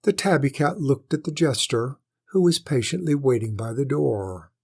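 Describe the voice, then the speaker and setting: A man reading a children's storybook aloud as narrator, in a measured, steady manner. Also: mid-range voice, gravelly, slightly rough.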